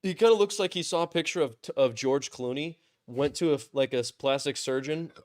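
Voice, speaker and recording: A man's voice: mid-range voice, fairly quick. A man in his twenties, hosting a podcast, chatting casually with a rambling, self-mocking way of talking and frequent swearing. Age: 20s. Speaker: podcast host.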